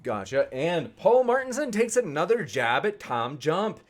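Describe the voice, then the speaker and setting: A man's voice: fairly high pitch, big pitch swings, a little slow. A man moderating a debate stream, reading viewer questions aloud in a jokey way. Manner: jokey, reads questions aloud with playful voices. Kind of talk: casual live-stream moderation.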